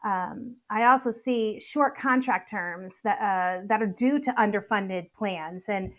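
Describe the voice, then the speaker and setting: A woman's voice: medium pitch, slow. A woman marketing consultant with a Boston and Worcester accent, giving thoughtful answers with some restarts. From central Massachusetts. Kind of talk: interview answers.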